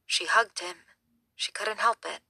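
A woman reading a novel aloud in a steady, measured storytelling manner. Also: medium pitch, vocal fry, husky, no echo. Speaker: audiobook narrator. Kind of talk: scripted narration.

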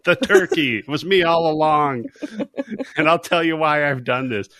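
A man's voice: fairly high pitch, expressive, normal speed, sharp tone, no room sound, voice pushed up. A man doing a spiteful killer turkey. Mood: gloating. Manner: mocking retelling of a villain's speech.

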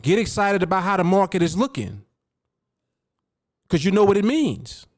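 A man's voice: sits high, very animated, moderate pace, dry recording, clean studio sound. A man hosting a podcast as a trading coach, talking emphatically, repeating key words and speaking straight to his listener. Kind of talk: motivational podcast talk.

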